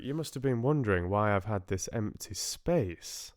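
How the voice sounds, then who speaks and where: Man with a low, resonant voice, casual streamer chatter, hesitant and self-correcting, dry close sound. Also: lively intonation, moderate pace, no room sound. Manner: rambling, hesitant, restarts his sentences often. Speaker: audiobook narrator hosting a live stream. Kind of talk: casual chat with live-stream viewers.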